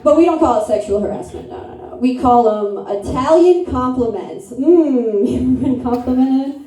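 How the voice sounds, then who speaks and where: A woman's voice: high-pitched, expressive, moderate pace, mellow. A woman in her thirties from upstate New York doing a brash, crude, self-mocking stand-up set in a comedy club. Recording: echoey room, mic from a distance.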